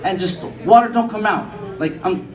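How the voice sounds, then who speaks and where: A man's voice: high-pitched, moderate pace, crowd noise. A young man performing a stand-up comedy set, telling profane stories and acting out the people in them. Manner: profane storytelling, acts out quoted people. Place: comedy club stage. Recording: echoey room, mic from a distance, audience laughter. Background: audience laughing.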